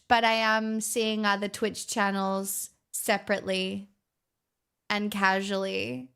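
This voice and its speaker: A woman's voice: medium pitch, level tone, slow, creaky, a bit bright, smooth. A woman streamer chatting live with her viewers in a dry, teasing way.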